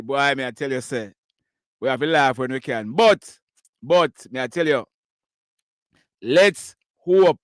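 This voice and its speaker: A Jamaican man hosts a call-in show, slipping between patois and plain English and breaking into laughter. His voice sits high, and it is dry and close to the mic. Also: fairly bright tone, dry recording. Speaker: live news show host taking callers. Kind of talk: casual call-in chat.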